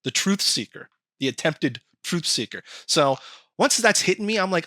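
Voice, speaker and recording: A man chatting casually on a podcast, animated and swearing often as he acts out quoted comments. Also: fairly high pitch, moderate pace, no room sound, clean studio sound. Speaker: podcast co-host.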